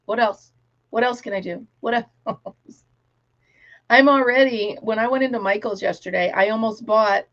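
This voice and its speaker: A middle-aged woman with a somewhat high voice hosts a casual craft livestream, with the top frequencies cut off. She's chatty, laughs a lot, and keeps slipping into snatches of song.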